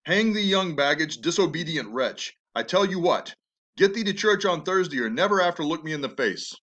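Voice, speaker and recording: A raging, overbearing old nobleman of a father, read by a man. He shouts, mocks and threatens in a high, bright, cutting voice. The delivery feels like a dramatic reading of a play. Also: expressive, moderate pace, lo-fi sound. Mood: furious.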